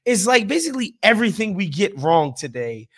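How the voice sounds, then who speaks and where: A man's voice: high voice, sing-song, fairly quick. A man hosting a podcast, ranting in casual, profane, emphatic talk. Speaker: podcast host. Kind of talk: casual opinionated chat.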